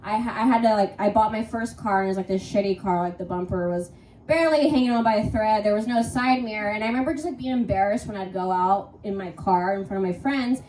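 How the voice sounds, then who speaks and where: Before a live audience on a comedy stage, a young woman rambles through crude, confessional stories, giggling often. She talks fast in a mid-range, darkish voice, and the distant mic makes it sound roomy, with faint audience noise.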